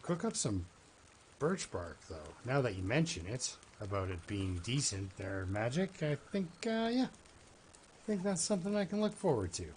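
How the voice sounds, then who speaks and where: A man's voice: medium pitch, animated, moderate pace, a little hiss or hum. A man with a Canadian accent giving chatty, rambling gameplay commentary as a streamer, talking to his chat and to himself.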